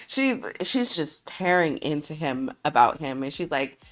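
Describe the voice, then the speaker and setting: A woman's voice: low-pitched, big pitch swings, unhurried, fairly bright tone. A woman streamer casually retelling a dream, rambling and using lots of fillers. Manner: rambling, filler-heavy storytelling.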